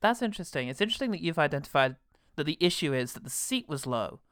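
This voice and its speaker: A man's voice: on the high side, sing-song, fast, a bit bright, smooth, dry recording, clean studio sound. A man in casual podcast chat about a film, joking and teasing.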